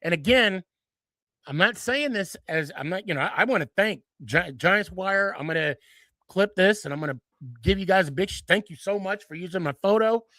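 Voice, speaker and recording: Excitable, rambling male podcast host. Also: moderate pace, no echo. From Dallas-Fort Worth area. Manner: rambling, repeats himself, many restarts and fillers; excitable, jumps higher when animated. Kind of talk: casual monologue.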